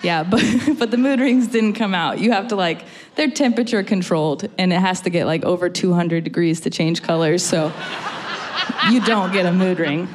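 A young adult woman with a lowish voice speaks at a normal pace as a musician guest in an interview. She tells stories casually, laughing often and poking fun at herself.

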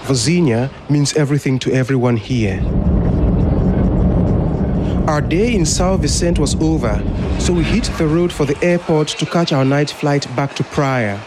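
A man narrating a scripted news report from abroad in a calm, narrated style. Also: on the high side, normal speed, over loud music.

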